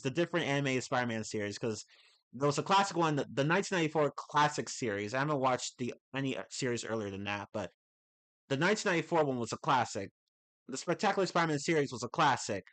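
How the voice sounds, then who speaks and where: A man's voice: mid-range voice, expressive, quick pace, fairly bright tone. A man ranting casually on a livestream, rambling with many restarts and laughing as he talks. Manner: rambling, restarts often, laughs into his words. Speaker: streamer.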